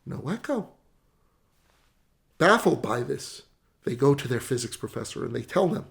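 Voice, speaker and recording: A man teaching how sound is amplified in an explainer lesson, animated and self-mocking, demonstrating with sound effects and dad jokes. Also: mid-range voice, moderate pace, gravelly, long pauses. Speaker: tech educator.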